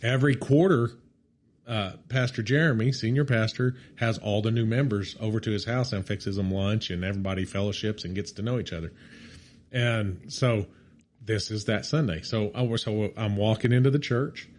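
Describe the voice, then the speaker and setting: A middle-aged man co-hosting a casual chat, telling an animated story, acting out what people said and laughing often. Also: fairly low pitch, normal speed, a little hiss or hum. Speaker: podcast co-host.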